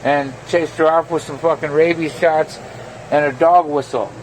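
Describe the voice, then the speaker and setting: A man's voice: fairly high pitch, fairly even intonation, normal speed, slight background noise. A man vlogging an angry, profane rant, telling a story packed with insults. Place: home, near a pet cat.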